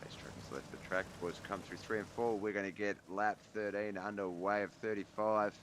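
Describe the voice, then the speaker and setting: A man's voice: fairly low pitch, steady tone, brisk, noisy background. A man streaming from home, calling a sim race in laid-back play-by-play and thinking aloud about what happens on track. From Australia. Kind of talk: sim racing commentary.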